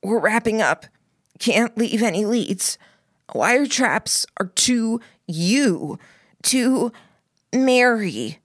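A woman voicing a croaking, stoic injured boy. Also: a little high, lively intonation, very slow, no echo, studio quality, pitched above the performer's own voice, heavily acted. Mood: urgent.

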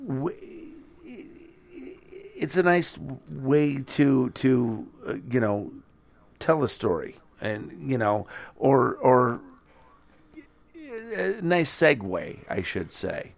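A man co-hosting a casual podcast, speaking in a halting way with many pauses, and given to blunt jokes. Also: mid-range voice, very animated, creaky. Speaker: podcast co-host. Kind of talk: casual chat about comics.

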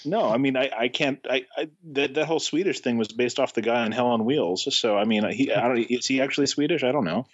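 A man's voice: medium pitch, fast, hardly any pauses, slightly rough. A man co-hosting a casual podcast as a rules judge, flustered and stammering through restarts. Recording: slightly muffled dry audio.

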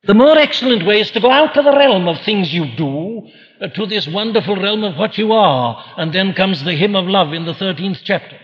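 A man's voice: high-pitched, lively intonation, moderate pace, muffled recording. Earnest man preaching in an echoing church. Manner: earnest, rhetorical questions answered himself. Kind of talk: sermon.

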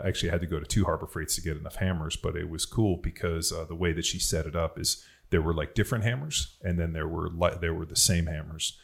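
A man's voice: deep voice, vocal fry. A man on a podcast, telling rambling personal stories in casual chat, swearing freely and filling with "like" and "you know.". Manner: rambling storytelling with frequent swearing and fillers. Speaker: podcast host.

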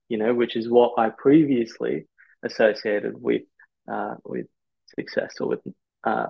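A man in his twenties, a physiotherapist guest on a podcast, gives candid, thoughtful answers with hesitant restarts. His mid-range voice is creaky and husky, with no echo, and the podcast audio is dull and lo-fi.

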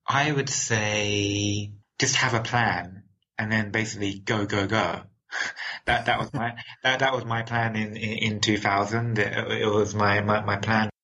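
A man's voice: lowish voice, fairly even intonation, unhurried, bright, forceful tone, muffled recording. Upbeat man with mixed London-American accent. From England. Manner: upbeat, laughs often, repeats words. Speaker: interview guest. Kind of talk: casual interview answers.

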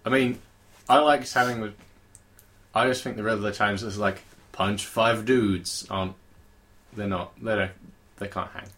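A man's voice: fairly low pitch, fairly even intonation, moderate pace, pauses often, fairly bright tone. A man chatting casually as a podcast co-host, dry and sardonic. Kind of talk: casual chat.

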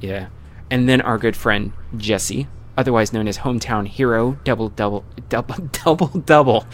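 A man's voice: mid-range voice, a little hiss or hum. A man hosting a gaming podcast, reading out listener tweets in casual chat with many fillers and restarts. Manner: halting, full of fillers and restarts. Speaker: podcast host.

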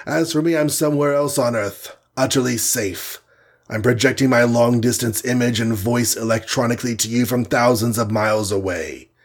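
A man's voice: medium pitch, moderate pace, natural voice. A man putting on a gloating Cars, villain with French flair. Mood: smug. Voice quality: mocking, gloating. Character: gloating scheming male supervillain with French phrases.

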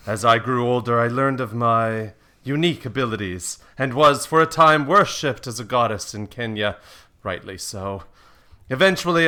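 A man's voice: mid-range voice, sharp tone, smooth, natural voice. A man voicing a proud female superheroine who commands the weather, in a grand, declaiming way.

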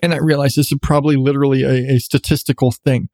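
A man's voice: medium pitch, level tone, quick pace, a little mellow, no room sound, studio quality. A man hosting his own podcast, ranting in a sarcastic, profane way about news stories. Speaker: podcast host. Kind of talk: solo podcast commentary.

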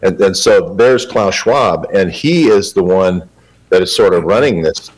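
A man with a very low-pitched voice, interviewed as a guest journalist. He rambles on in a matter-of-fact way, padding his answers with fillers. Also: animated, a little slow, poor audio.

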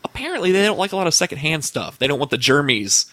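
Man, earnest guest, bright voice, dry recording. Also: on the high side, big pitch swings, fast talker, dry recording. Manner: earnest, explaining, with fillers. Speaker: podcast guest. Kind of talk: casual chat.

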